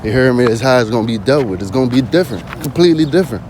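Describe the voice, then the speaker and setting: A man's voice: medium pitch, animated, very fast, background noise. A man vlogging in a casual spoken monologue, slangy and constantly asking "you hear me".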